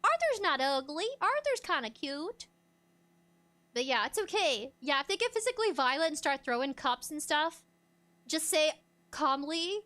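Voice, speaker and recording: A woman streamer chatting casually, laughing often and acting out bits of dialogue in loud bursts. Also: high-pitched, big pitch swings, moderate pace. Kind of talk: casual chat.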